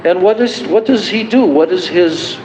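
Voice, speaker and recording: A man giving a devotional lecture, slowly explaining and chanting song verses as a spiritual teacher. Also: high-pitched, a little mellow, a little hiss or hum. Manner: slow and deliberate, chanting verses. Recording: roomy, dull, lo-fi livestream.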